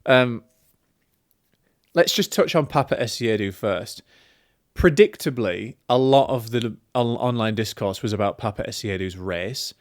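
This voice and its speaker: A man's voice: medium pitch, a little slow, no room sound, studio quality. A man hosting a casual film review show, talking in a chatty, opinionated way with plenty of fillers and restarts.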